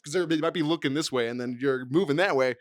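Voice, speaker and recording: A man's voice: fairly high pitch, quick pace, dry recording, studio quality. A young man co-hosting a podcast, chatting casually, agreeing with short replies and acting out quotes in his stories. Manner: laid-back, agrees with "yep", acts out quotes with shouted voices. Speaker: podcast co-host. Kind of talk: casual chat.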